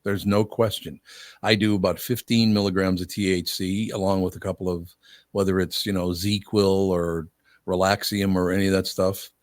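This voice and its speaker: An older man hosts a casual radio talk show, telling stories bluntly and easily and laughing often. His voice is deep and flatly delivered at a moderate pace, with no room sound.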